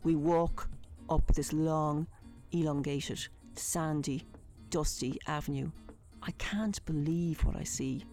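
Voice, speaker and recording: A woman's voice: deep voice, fairly even intonation, slow, mellow, soft background music. A woman telling a vivid personal story in a conversational, colourful way.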